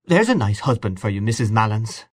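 A man reading aloud and voicing a lively young wife who speaks in a coaxing, excitable way. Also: fairly low pitch, brisk, dry recording, studio quality. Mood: excited. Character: lively young Irish wife, teasing and eager.

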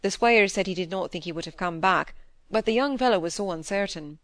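A woman reading the part of a kind, worried middle-aged male doctor speaking to his daughter, gentle and reassuring. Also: mid-range voice, fairly quick, dry recording, close to an everyday voice. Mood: earnest. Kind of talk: audiobook character reading.

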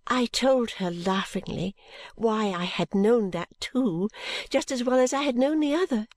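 A woman reading a classic novel aloud as first-person narrator, in a gentle, measured storytelling manner. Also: a little high, lively intonation, no echo. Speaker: audiobook reader.

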